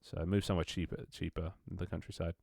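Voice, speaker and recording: This is a young man with a very low voice, rambling to his stream audience. He swears casually and trips over his words as he goes. The sound is dry and close. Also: little pitch movement, quick pace, vocal fry, darkish tone, dry recording. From London, England. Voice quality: swears casually, many restarts and laughs. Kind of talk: casual chat with stream viewers.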